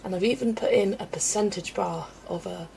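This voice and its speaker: A woman's voice: mid-range voice, brisk, gravelly, mellow, slight background noise. A woman hosting a casual livestream, chatty and laughing often as she greets viewers by name, a little out of breath. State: slightly out of breath. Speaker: livestream host.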